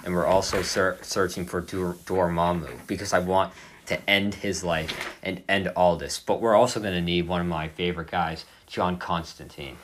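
A man's voice: sits low, fairly even intonation, normal speed, fairly bright tone, slight background noise. A man playing a tabletop game, answering hesitantly with fillers. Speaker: player. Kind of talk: casual tabletop play.

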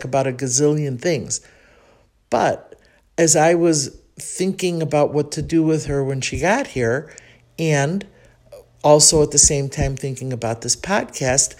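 This woman hosts a laid-back podcast monologue, her low, slightly mellow voice carrying a Chicago accent. She's from Chicago in the United States, and she rambles reflectively with plenty of ums.

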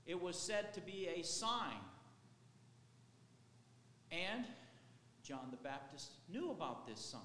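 High-voiced man preaching in a hall. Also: sing-song, slow, long pauses, pushed and bright, a little hiss or hum. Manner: conversational, rambling preaching with restarts. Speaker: pastor. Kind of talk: sermon. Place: church sanctuary. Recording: echoey hall with faint ambience.

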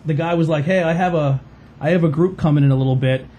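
A fast-talking man, telling a rambling story on a casual podcast. His voice is dark and mellow, with a faint hiss behind it. He leans on fillers and acts out the voices of the people he quotes. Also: fairly high pitch, dull audio. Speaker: podcast host.

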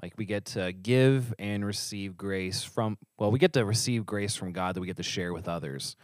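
A man's voice: lowish voice, normal speed, no echo, studio quality. A man co-hosting a faith podcast, chatting casually with joking, self-deprecating asides. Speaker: podcast co-host.

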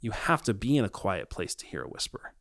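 A man co-hosting a casual faith discussion, talking reflectively with many pauses and ums. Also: fairly low pitch, sing-song, fairly bright tone, no echo, studio quality.

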